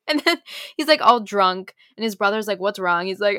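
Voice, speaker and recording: Animated bright-voiced woman. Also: fairly high pitch, fairly quick, dry recording, clean studio sound. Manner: animated, acts out scenes in loud quoted voices. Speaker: podcast co-host. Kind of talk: casual chat.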